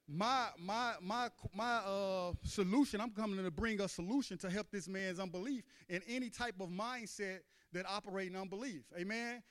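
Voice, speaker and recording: A man delivers a sermon in a church with a high, smooth and resonant voice. He reads scripture aloud and keeps checking in with his listeners by asking "amen?" and "you see what I'm saying?". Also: a bit bright. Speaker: preacher.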